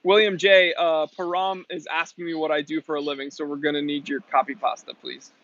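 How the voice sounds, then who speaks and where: A man's voice: a little high, level tone, a bit bright. A man hosting a casual live-stream Q&A, reading chat comments and answering in a chatty, emphatic way. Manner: chatty, emphatic, quick to clarify himself. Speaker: watch channel host reading live chat. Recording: dull lo-fi sound.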